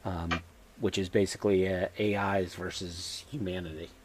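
A man with a New England accent, co-hosting a podcast in casual chat, talking hesitantly with many filler pauses. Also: low voice, little pitch movement, a little hiss or hum. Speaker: podcast co-host.

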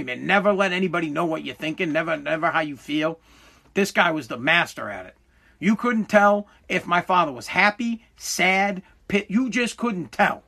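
Bright-voiced man in his forties. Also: high voice, creaky. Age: 40s. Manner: emphatic, profane, repeats words as he restarts. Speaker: podcast host. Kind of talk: motivational monologue.

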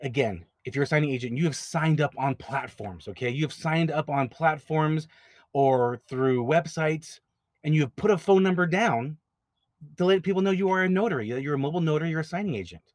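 A man's voice: on the high side, expressive, fairly quick, no room sound. Guy talking through tips on his podcast, blunt and chatty, kinda repeats himself, dry room. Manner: conversational, repeats words, direct advice. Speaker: podcast host, notary signing agent business owner. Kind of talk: casual advice podcast.

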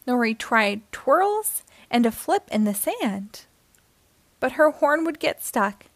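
Woman reading a children's rhyming book aloud, high voice, gentle lilt, dry close sound. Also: very animated, takes it slowly, no room sound. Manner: gentle, lilting storybook rhythm.

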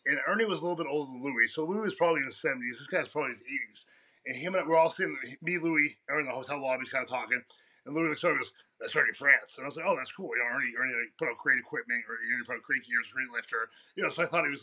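Fast, bright-voiced, husky man. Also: fairly high pitch. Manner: profane, laughs often, tells stories in a rush. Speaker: podcast guest, powerlifting coach. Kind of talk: casual interview storytelling.

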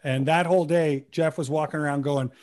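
A man, a guest on a rewatch podcast, telling lively behind-the-scenes stories and acting out quotes. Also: a little high, a little fast. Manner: animated, acts out quotes with swearing. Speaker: podcast guest, actor from the show. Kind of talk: casual storytelling.

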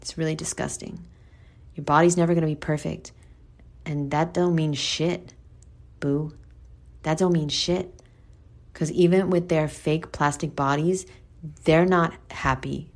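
Woman, New York accent, low-pitched, blunt, swears often, candid monologue. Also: steady tone, a little slow, pauses often. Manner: blunt and profane, addresses listeners as boo.

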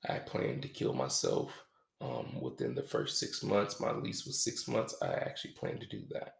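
Very gravelly man, roomy echo. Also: extremely low pitch, wildly swooping pitch. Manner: halting, reflective, casual with swearing. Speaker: podcast host. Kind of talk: confessional podcast monologue. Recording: echoey room.

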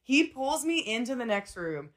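A young adult woman with a fairly high voice hosts a podcast at a normal speed, telling a story in casual chat. She swears freely, stays animated, and acts out the voices of the people she quotes.

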